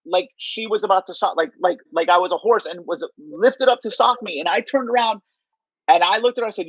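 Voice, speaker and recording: A man's voice: high voice, a little fast, dry recording, dull audio. A man being interviewed, telling casual stories and filling them with "like" and "you know". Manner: rambling, heavy use of "like" and "you know". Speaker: interview guest. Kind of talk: casual storytelling.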